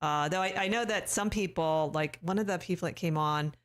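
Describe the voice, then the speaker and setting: Low-voiced woman hosting a chat. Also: brisk. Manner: conversational, asks questions with brief agreeing replies. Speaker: podcast host. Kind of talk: casual interview.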